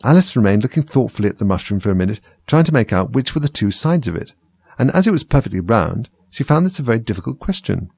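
A man reading a storybook aloud in a measured, expressive way. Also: medium pitch, vocal fry, breathy edge, no echo. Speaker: reader.

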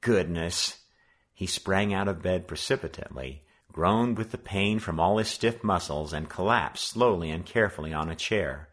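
A man reading a children's novel aloud in an expressive, measured way. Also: low voice. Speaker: audiobook reader. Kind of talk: read-aloud narration.

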